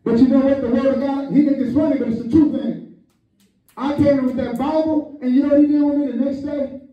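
A male pastor preaching a lively storytelling sermon, calling on the congregation and acting out quotes. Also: extremely high pitch, quick pace. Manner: animated, calls on the congregation, acts out quotes. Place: church hall, echoey. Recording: echoey church hall from far off, muffled.

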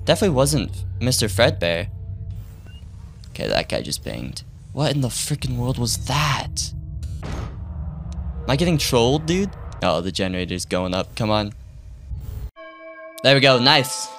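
A young male streamer playing a horror game, reacting loudly with laughs and yelps. His voice swings widely from low mutters to high shouts. He talks at a middle pitch for a man. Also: measured pace, pauses often, soft background music. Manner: excitable, laughing, yelping reactions. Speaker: gaming streamer. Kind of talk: live horror game commentary.

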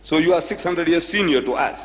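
An older man from South Africa giving a public lecture, telling a story and acting out both sides of a dialogue with long pauses. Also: on the high side. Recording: echoey hall, dull lo-fi recording.

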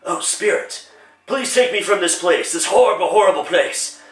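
A man's voice: high voice, lively intonation, moderate pace, fairly bright tone. A man doing a grumpy old miser. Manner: grumbling, whiny exclamations. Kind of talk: one-man comedic radio play. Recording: roomy echo, distant mic.

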